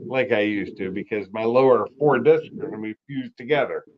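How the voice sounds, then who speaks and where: A man's voice: lowish voice, brisk, highs cut off, a little hiss or hum. Blunt man swearing through casual chat. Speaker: guest on a car livestream.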